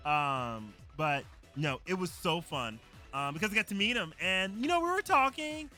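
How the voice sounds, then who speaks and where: A male live streamer talks in a loose, rambling way, full of fillers and excitement. His voice sits a little high and rings very bright. Faint music plays underneath. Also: normal speed. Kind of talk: casual live-stream chat.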